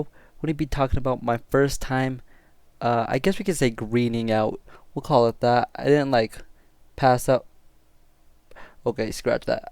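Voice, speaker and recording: A young man telling a story to his viewers in a casual, excitable, slangy way and swearing freely. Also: mid-range voice, no room sound. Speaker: storytime vlogger.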